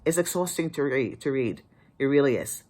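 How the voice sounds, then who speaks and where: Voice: medium pitch, lively intonation, moderate pace, darkish tone. An author giving casual writing advice to the camera, emphatic and pleading, often restarting sentences.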